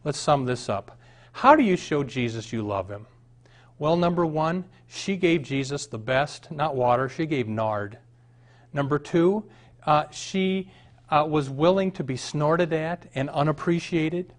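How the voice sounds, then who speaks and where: A middle-aged pastor from the American Midwest preaches a sermon in a fairly high, animated voice, speaking a little slowly. He goes from reading a passage aloud into emphatic points that rise in intensity.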